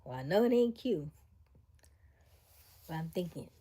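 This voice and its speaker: A young woman hosting a casual livestream, reading the chat and joking playfully, dropping into soft whispers between livelier bursts. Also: sits low, unhurried. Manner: relaxed, playful, slangy. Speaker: livestream host.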